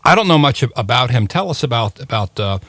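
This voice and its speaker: A man's voice: mid-range voice, big pitch swings, a bit bright, dry recording. Radio host guy, chatty, cracks jokes, dry close sound. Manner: chatty, jokey, halting with fillers. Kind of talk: radio talk show interview.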